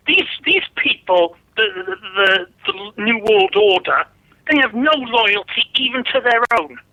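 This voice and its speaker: Brief: caller, man with a high bright voice, stumbling rant. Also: big pitch swings, measured pace, no echo, dull audio. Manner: stammering, indignant ranting. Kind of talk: ranting phone-in call.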